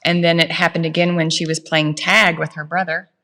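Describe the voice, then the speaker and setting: A woman's voice: sits low, flat delivery, brisk, sharp tone, long reverb tail. A middle-aged woman co-hosting a podcast, telling a family story in casual chat with lots of fillers and acted-out quotes. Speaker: podcast co-host.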